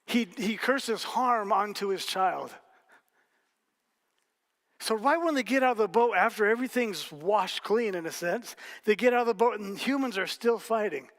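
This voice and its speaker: A man's voice: sits high, lively intonation, moderate pace, fairly bright tone. A man preaching a sermon as pastor, telling stories casually with jokes and asides to the congregation. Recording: hall reverb.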